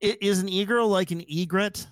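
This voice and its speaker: A man's voice: high-pitched, steady tone, normal speed, no room sound, studio quality. A man playing a tabletop game, sighing often and mock-indignant. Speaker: player. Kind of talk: casual tabletop play.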